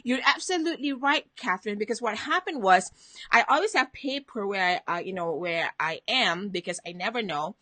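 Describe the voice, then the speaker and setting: A woman's voice: medium pitch, animated, moderate pace, bright, forceful tone, no room sound. A woman hosting a motivational live stream from home, chatting casually, greeting viewers by name and reading out their comments.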